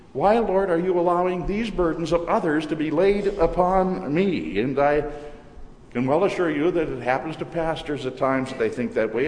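A pastor delivering a sermon in a measured, earnest way, slowing down to stress key words. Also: male voice, fairly high pitch. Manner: measured, earnest preaching with slowed emphasis. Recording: echoey church hall with long reverb.

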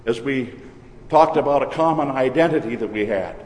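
A man from Minnesota with a Minnesotan accent, preaching a sermon as pastor in a measured, deliberate way. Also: medium pitch, animated, darkish tone, a little hiss or hum. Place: church. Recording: reverberant church hall.

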